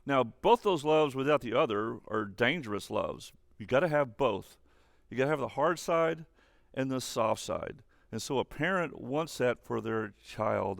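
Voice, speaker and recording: Youth pastor, man, earnest and direct with teens, a bit of fry in the voice. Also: mid-range voice, no echo, clean studio sound. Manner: earnest, speaks straight to teens. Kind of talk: online youth sermon.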